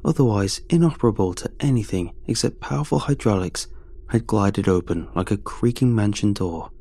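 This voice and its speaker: A man telling a horror story in first person, in a measured and grim scripted narration. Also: on the low side, creaky, mellow, slight background noise. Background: faint music.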